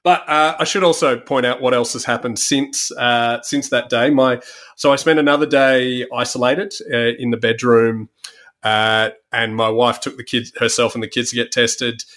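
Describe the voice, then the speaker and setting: A man's voice: mid-range voice, normal speed. A middle-aged Australian man hosting a podcast, chatting and spinning jokey anecdotes. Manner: jokey, animated storyteller. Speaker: podcast host. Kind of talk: casual chat.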